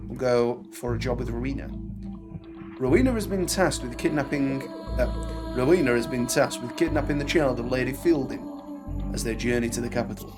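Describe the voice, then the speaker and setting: A man's voice: mid-range voice, normal speed. A man hosting a let's play, chatting casually and reading game text aloud with dry asides. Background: loud game music.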